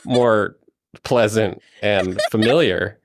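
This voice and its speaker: Low-voiced game master narrating. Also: male voice, takes it slowly, noisy background. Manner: relaxed, rambling, chuckling narration.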